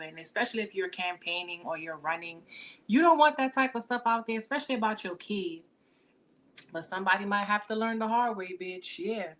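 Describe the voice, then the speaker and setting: A woman's voice: mid-range voice, moderate pace, fairly bright tone. A woman giving a casual tarot reading to camera, talking in blunt, slangy, profane chatter into the camera mic. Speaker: tarot reader.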